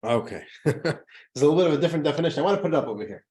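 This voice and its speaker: A man's voice: fairly high pitch, animated, rapid-fire, darkish tone. A male rabbi teaching an adult class in a conversational lecture style, asking rhetorical questions and telling jokes.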